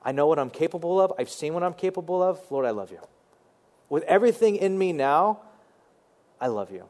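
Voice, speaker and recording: A man voicing a humbled, earnest apostle who speaks quietly and confessionally to God. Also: on the high side, animated, a little fast, close to an everyday voice. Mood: humble, earnest.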